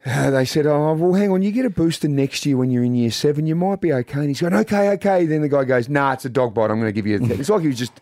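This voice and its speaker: Animated Australian male radio host. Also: medium pitch, very fast, few pauses, no echo, clean studio sound. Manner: animated storyteller, acts out quotes. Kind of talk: casual radio chat. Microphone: studio microphone.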